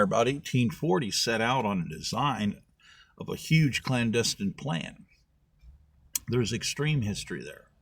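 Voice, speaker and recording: A man's voice: mid-range voice, no room sound. A middle-aged man, a political candidate, giving a folksy, storytelling talk about history. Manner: folksy, acts out voices in his stories.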